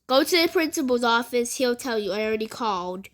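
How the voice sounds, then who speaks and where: A woman's voice: a little high, lively intonation, a little fast, lightly acted. A woman voicing a strict class teacher giving curt orders.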